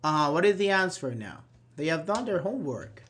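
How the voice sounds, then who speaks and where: A man's voice: fairly high pitch, very animated, moderate pace, fairly bright tone. Man teaching a grammar class. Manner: explains patiently, acts out example sentences, many "uh-huh"s. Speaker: English teacher.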